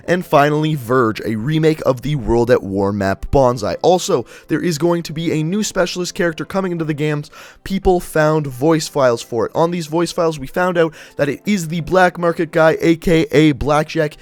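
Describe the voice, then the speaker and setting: Upbeat young man with a slightly high voice. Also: dry recording. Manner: chatty, upbeat, rambling explanations. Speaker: gaming channel host. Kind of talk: casual gaming news commentary.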